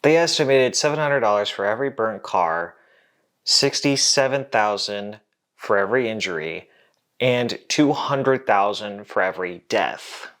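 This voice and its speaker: A man's voice: on the low side, animated, a little slow, fairly bright tone. Casual jokey male science vlogger. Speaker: host. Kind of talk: educational vlog narration.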